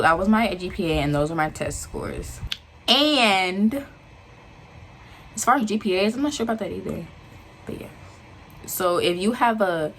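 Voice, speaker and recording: A woman's voice: lowish voice, a little hiss or hum. A young woman, a college student, giving chatty and emphatic advice in a casual vlog. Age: young adult.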